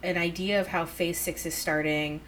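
A woman co-hosting a podcast in casual chat, telling stories excitedly, with bursts of squealing. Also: fairly low pitch, normal speed, slight background noise. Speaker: podcast co-host.

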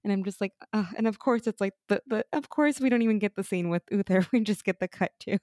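A woman co-hosting a casual podcast, animated and opinionated, full of quick asides. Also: medium pitch, dry recording, studio quality. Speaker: podcast co-host. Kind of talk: casual chat.

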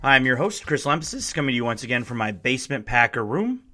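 A young Midwestern man from Wisconsin hosting a casual sports podcast from his basement, his voice a little hoarse from shouting, talking in an excitable, sarcastic, emphatic way. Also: medium pitch, quick pace, soft background music. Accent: Midwestern American. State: strained, slightly hoarse voice. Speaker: podcast host. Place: home basement.

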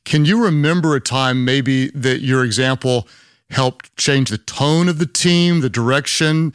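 A man with a Southern US accent hosting an interview, friendly and affirming with quick asides. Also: medium pitch, clear, resonant tone, dry recording, studio quality. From Oklahoma. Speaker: podcast host. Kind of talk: conversational interview.

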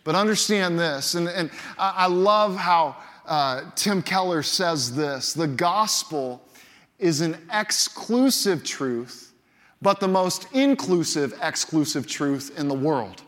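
Male pastor, high-pitched voice, emphatic, repetitive phrasing, long church reverb. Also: expressive, slow pace, a bit bright. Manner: emphatic, repeats key phrases for effect. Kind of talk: sermon. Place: large church auditorium.

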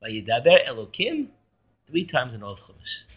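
A man, a rabbi, teaching a Torah class in a lively way, quizzing and joking with his students. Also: mid-range voice, normal speed, husky, lo-fi sound.

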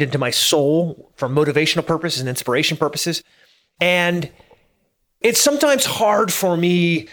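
A man in his thirties speaks with a voice that sits a little high for a man. He sounds earnest and driven, giving a casual motivational talk. He often stutters and repeats words as his thoughts race ahead. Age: 30s. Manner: earnest, stammers and repeats words when worked up; laughs at himself now and then.

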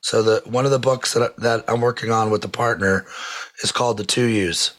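With a lowish, steady voice that's a little bright, this podcast host talks at a moderate pace. The casual interview chat wanders, full of fillers and restarts.

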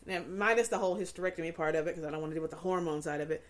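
A woman's voice: fairly low pitch, racing. A woman in her forties hosting a podcast, chatting candidly and telling stories with laughter. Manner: candid, laughing, animated storyteller. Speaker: podcast host. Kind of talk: casual chat.

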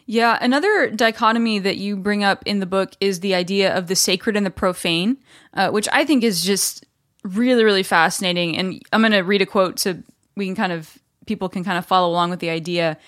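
A woman hosts a podcast interview in a middle-pitched, everyday voice. She talks conversationally and builds her questions slowly, circling as she looks for the right words. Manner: conversational, rambling, searching for words. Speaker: podcast host.

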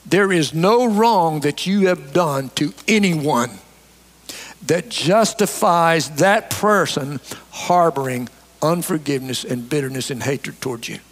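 A man's voice: on the high side, expressive, measured pace, in a large hall. A man preaching a sermon as pastor to his church, reading scripture and urging honesty.

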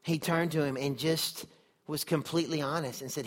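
A man's voice: fairly high pitch, moderate pace, a bit bright. A man preaching a sermon in an earnest, conversational way, often putting questions to his listeners. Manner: earnest, conversational, asks the audience many questions.

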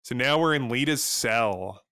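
Man, podcast co-host, bright clear tone, dry close sound, rambling casual recap. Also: mid-range voice, lively intonation, measured pace, dry recording. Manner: rambling, lots of fillers, acts out lines.

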